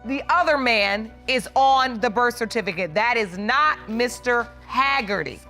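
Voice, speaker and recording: Bright high-voiced woman judge questioning. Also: lively intonation. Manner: brisk, probing questions. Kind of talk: courtroom questioning. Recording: faint music under courtroom audio.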